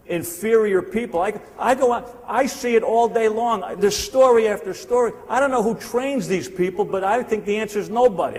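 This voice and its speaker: A man in his sixties with a high-pitched, darkish voice gives a punchy, repetitive live sales seminar, teasing his listeners. He's a sales trainer and motivational speaker, recorded in a large hall with a live audience and long reverb.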